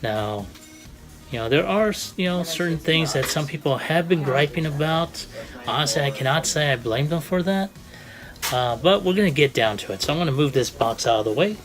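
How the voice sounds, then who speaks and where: A man's voice: fairly high pitch, animated, moderate pace, over music. A man doing a casual toy review, talking in a rambling, friendly way with many fillers and restarts.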